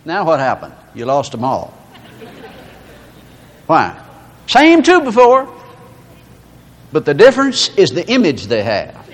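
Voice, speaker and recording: A man's voice: mid-range voice, huge pitch swings, measured pace, pauses often. A man preaching a sermon, telling folksy stories with laughter to illustrate his point. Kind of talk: storytelling sermon. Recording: reverberant hall.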